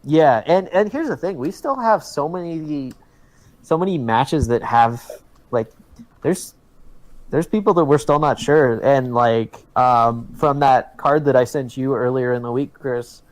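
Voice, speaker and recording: Excitable, swearing podcast co-host man. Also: medium pitch, unhurried. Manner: excitable, emphatic, swears freely. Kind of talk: casual chat.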